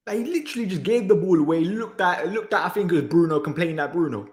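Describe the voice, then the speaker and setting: A man's voice: high voice, expressive, fast talker, hardly any pauses. A man hosting a football reaction channel, ranting in exasperation with sighs and repeated phrases. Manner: exasperated, repetitive, sighing. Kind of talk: frustrated match reaction rant. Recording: echoey room.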